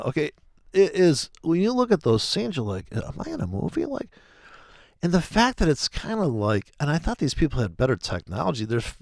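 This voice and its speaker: Gravelly, animated man riffing casually. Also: medium pitch, dry recording, studio quality. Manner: profane, joking, rambling. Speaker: forex trading video host. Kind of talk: casual rambling monologue.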